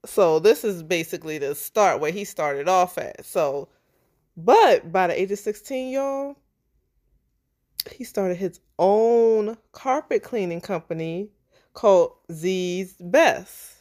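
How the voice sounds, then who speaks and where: A woman's voice: on the low side, slow pace, darkish tone. A woman co-hosting a true-crime podcast, telling the story in a casual, chatty way. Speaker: podcast co-host.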